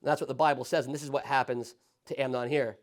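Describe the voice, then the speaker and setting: A man teaching a Sunday school Bible study as pastor, animated and acting out quoted lines in different voices. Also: medium pitch, fast. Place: church classroom.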